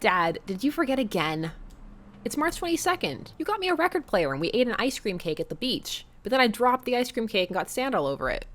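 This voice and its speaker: A woman voicing a bubbly teenage daughter in a video game, high and eager. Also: big pitch swings, a little fast, fairly bright tone. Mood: cheerful.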